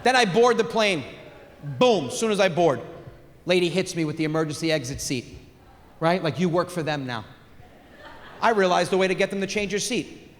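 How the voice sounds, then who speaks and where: A man's voice: high-pitched, a bit bright, a little hiss or hum. A man doing a brash, profane stand-up routine. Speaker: stand-up comedian. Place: comedy stage. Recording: echoey hall, faint ambience.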